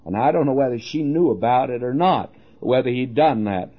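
Older radio preacher telling folksy stories. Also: male voice, mid-range voice, animated, muffled recording. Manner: folksy storytelling with frequent "uh" pauses. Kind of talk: radio sermon.

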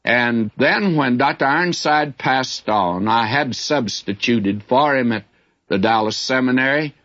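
An older man teaches scripture in a plain, middle-pitched voice, speaking in a candid, folksy way. The recording sounds somewhat muffled and lo-fi, like an old broadcast tape. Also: a little slow, fairly bright tone. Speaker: Bible teacher. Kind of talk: Bible teaching sermon. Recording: dull lo-fi recording.

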